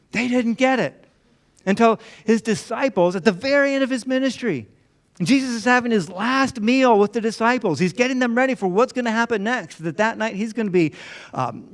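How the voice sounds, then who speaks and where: A man pastor giving a sermon in a conversational, storytelling way, acting out what people in the story say. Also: extremely high pitch. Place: church.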